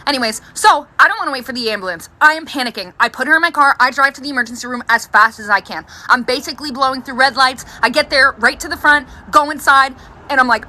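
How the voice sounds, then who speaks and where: A woman with a high, bright, forceful voice talks fast into her phone, recording selfie-style as she tells funny family stories. Bubbly and dramatic, she acts out the quotes and laughs a lot in this storytime monologue, with slight background noise.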